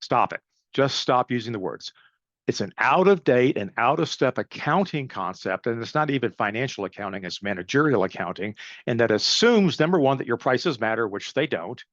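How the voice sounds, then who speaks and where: A middle-aged man presents a webinar, coaching his listeners bluntly and emphatically at a mid-range pitch. The audio is dry and a little muffled, with no room sound around the voice. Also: expressive, normal speed, fairly bright tone, dry recording. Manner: emphatic, coaching, blunt with frequent "right?" and "okay?". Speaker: sales and pricing consultant presenting a webinar.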